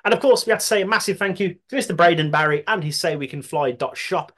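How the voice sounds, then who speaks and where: A man's voice: fairly high pitch, quick pace, fairly bright tone. A man with a Brummie accent, co-hosting a podcast, reading out listener submissions with frequent laughter and casual swearing. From Birmingham, England. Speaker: podcast co-host.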